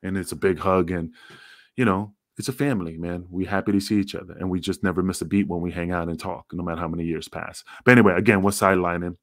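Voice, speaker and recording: A man's voice: deep voice, steady tone, quick pace, no room sound, clean studio sound. A middle-aged man, a former wrestler, telling rambling, profane stories in a casual interview. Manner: rambling, profane, acts out quotes.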